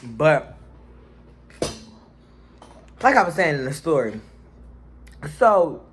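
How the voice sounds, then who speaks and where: Animated young man telling a story. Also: fairly high pitch, extremely slow, a little hiss or hum. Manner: animated, slangy, acts out quotes. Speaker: vlogger. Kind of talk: casual storytime vlog. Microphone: phone.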